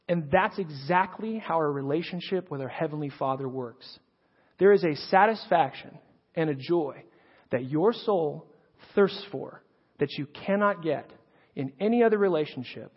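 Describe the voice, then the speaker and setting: A man's voice: high-pitched, breathy edge. A man in his thirties giving an earnest, conversational sermon full of stories, often repeating words as he restarts. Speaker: preacher and high school teacher. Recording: dull lo-fi recording with long hall reverb.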